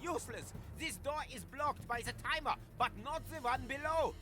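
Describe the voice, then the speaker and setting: A man's voice: very high voice, lively intonation, moderate pace. An actor with a German accent playing a male prison guard trapped below, talking in a strained, urgent way.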